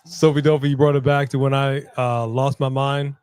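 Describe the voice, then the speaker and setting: A man's voice: medium pitch, flat delivery, moderate pace, a little mellow, clean tone, no echo. A man co-hosting a wrestling watch-along stream, joking in laid-back banter and reading out viewer names. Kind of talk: casual live-stream chat.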